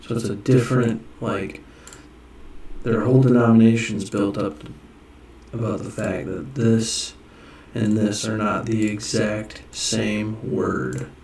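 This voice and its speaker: Slow, gravelly man in an echoey room. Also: on the low side, flat delivery, darkish tone, distant mic, a little hiss or hum. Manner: musing, self-correcting, thinking aloud. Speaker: teacher. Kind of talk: casual screen-share lesson.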